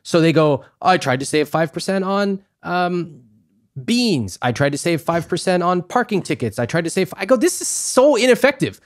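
A man in a podcast interview, talking emphatically and acting out little exchanges, his voice climbing high when he stresses a point. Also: expressive, normal speed. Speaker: guest, personal finance author.

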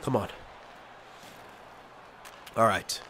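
A young man narrates his own hockey video game as he plays, getting worked up and loudly cursing at the computer-controlled players. He speaks extremely slowly.

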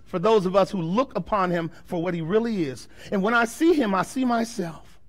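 In a high, animated voice, a man leads his flock in a sermon, throwing rhetorical questions at them. His delivery moves back and forth between loud declarations and soft, slow moments.

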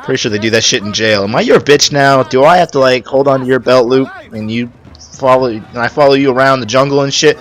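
A young man doing let's-play commentary, loud and profane, breaking into squealing outbursts and jokes. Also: medium pitch, fast talker. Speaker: gaming YouTuber.

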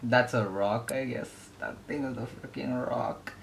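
A young man giving casual gameplay commentary, excitable and yelping at the game. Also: mid-range voice, a little slow, creaky, a little hiss or hum. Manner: excitable, yelps and shrieks at the game. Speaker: gaming YouTuber.

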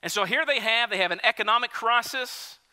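Male pastor, conversational sermon, very bright tone, church reverb. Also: very high-pitched, fairly quick, smooth. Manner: conversational preaching, lively storytelling. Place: church sanctuary.

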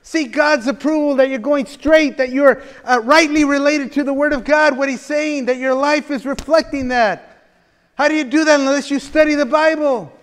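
A man's voice: extremely high pitch, steady tone, normal speed. A man preaching a conversational sermon as pastor, chatty and folksy, with frequent laughter and restarts. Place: church sanctuary. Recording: reverberant church hall.

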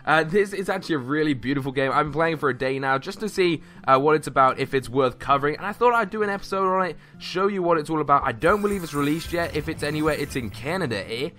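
A man's voice: on the high side, fast, few pauses, bright, forceful tone. A young man hosting a gaming channel, chatting casually and upbeat through gameplay commentary with frequent "uh"s.

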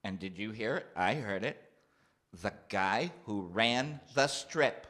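A man in his fifties, a comedian telling stories in a studio chat and acting out the people in them. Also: slow. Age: 50s. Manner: animated, acts out characters in a high loud voice. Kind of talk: stand-up storytelling chat. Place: TV studio with live audience.

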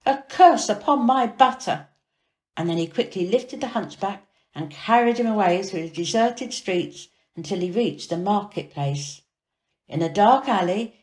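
A woman reads a fairy tale aloud for children, with expressive, dramatic phrasing at a middle pitch. Her voice rings in a room with a clear echo. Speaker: storyteller. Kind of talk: storybook reading for children. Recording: echoey room.

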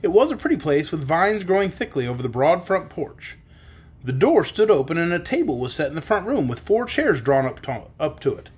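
A man narrating a children's storybook in a measured, expressive way. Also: fairly high pitch, slightly rough. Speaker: audiobook narrator.

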